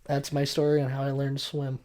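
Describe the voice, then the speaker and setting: A man's voice: mid-range voice, completely flat delivery, a little fast, darkish tone. A young man co-hosting a podcast in casual chat, joking crudely and swearing often. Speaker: podcast co-host.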